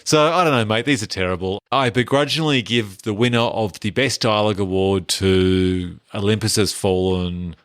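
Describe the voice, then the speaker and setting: Low-voiced man running a film podcast. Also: normal speed, hardly any pauses, a bit bright, clear, resonant tone, dry recording, clean studio sound. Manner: runs the segments, wry and joking. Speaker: podcast co-host. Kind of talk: casual chat.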